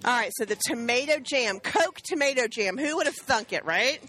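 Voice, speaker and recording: A woman's voice: on the high side, expressive, moderate pace, pushed and bright, poor audio. A middle-aged woman chatting casually as she demonstrates a recipe and explains each step to viewers. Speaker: cooking host.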